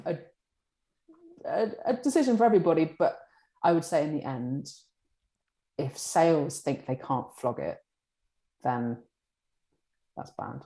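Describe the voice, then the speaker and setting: A woman in a publishing role, answering interview questions in a chatty, animated way. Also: low-pitched, unhurried, pauses often. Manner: chatty, animated, acts out colleagues' lines. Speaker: publishing director. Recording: echoey room.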